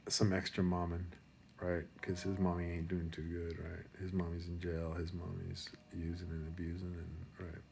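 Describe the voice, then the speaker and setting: Gravelly, rambling man giving a pep talk. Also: sits low, slight background noise. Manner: rambling, profane, emotional. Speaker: motivational speaker. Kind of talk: casual monologue pep talk.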